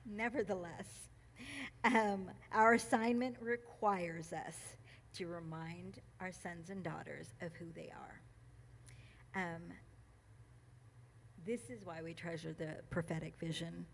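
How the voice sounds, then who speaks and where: A woman speaking at a church gathering, reading a passage and reflecting on it, emotional and quick to laugh, with many ums and restarts. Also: fairly low pitch, vocal fry, fairly bright tone, slight background noise. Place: church meeting room.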